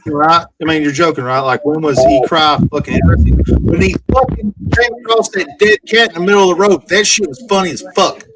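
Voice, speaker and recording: A man's voice: fairly high pitch, a little fast, noisy background. A man in casual voice-call chat, telling rambling, profane stories.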